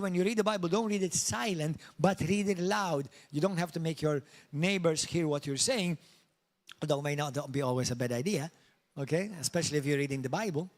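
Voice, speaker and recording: A middle-aged man from Malta preaching a sermon and praying, fervent, often repeating praise words and leading his congregation in call-and-response. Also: high voice. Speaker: pastor. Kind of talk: sermon with prayer.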